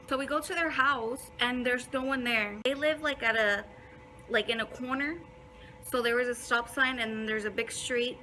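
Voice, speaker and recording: A woman's voice: on the high side, moderate pace, pushed and bright, slight background noise, poor audio. A young woman telling a casual storytime in a blunt way, swearing a lot and filling her talk with "like". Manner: blunt, heavy swearing, many fillers. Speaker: vlogger.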